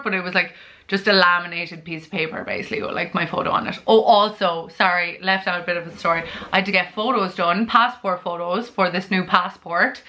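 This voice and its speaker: A woman's voice: lowish voice, sharp tone. A young Irish woman telling a casual storytime to camera, chatty and full of fillers, acting out her own panicked quotes. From Ireland. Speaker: vlogger.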